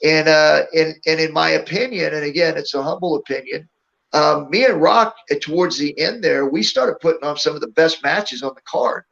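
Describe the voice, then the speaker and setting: A middle-aged man with a fairly high, gravelly voice tells stories casually and laughs along as he talks. The sound is dull and lo-fi, like a remote call. He is a guest being interviewed. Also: moderate pace, a bit bright. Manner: laughs often while telling stories. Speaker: interview guest, former wrestler. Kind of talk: casual storytelling.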